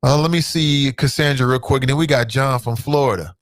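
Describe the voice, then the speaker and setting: A man's voice: fairly quick, no echo, clean studio sound. A man hosting a talk show, delivering an emphatic, preachy monologue straight to his listeners. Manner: loose and streetwise, with swings in pitch.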